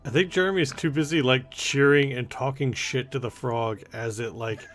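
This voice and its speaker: A man's voice: mid-range voice, moderate pace, a bit bright, faint music behind. A man casually describing his character's actions in a tabletop game, playful in tone. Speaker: player.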